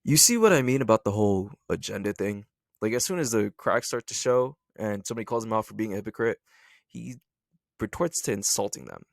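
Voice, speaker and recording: A man's voice: fairly low pitch, a little fast, gravelly, no echo. Young man ranting angrily, dry mic. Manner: angry, profane, mocking. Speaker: commentary YouTuber. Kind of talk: ranting commentary.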